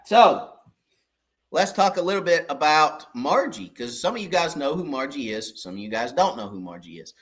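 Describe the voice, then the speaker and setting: A man's voice: on the high side, sing-song, normal speed, fairly bright tone, husky. A middle-aged man, hosting a casual fishing livestream in a folksy, rambling way and greeting viewers by name. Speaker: fishing channel livestream host.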